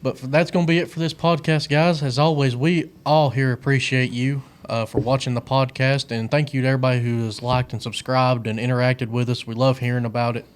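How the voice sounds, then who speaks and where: A man's voice: mid-range voice, level tone, a little fast, hardly any pauses, clean tone. A man hosting a podcast, thanking the guest and signing off in friendly casual talk. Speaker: podcast host. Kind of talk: podcast sign-off.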